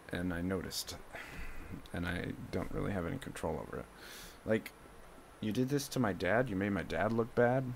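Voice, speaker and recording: A man's voice: deep voice, vocal fry, a little hiss or hum. A young man in an emotional monologue to his mother, confrontational and rambling, with many fillers.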